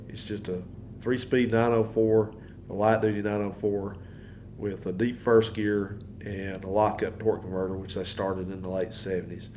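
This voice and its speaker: A man's voice: fairly low pitch, a little mellow, a little hiss or hum. A man telling a long, folksy, rambling story in his home garage, repeating himself as he goes. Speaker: mechanic and channel host. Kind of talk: casual storytelling to camera.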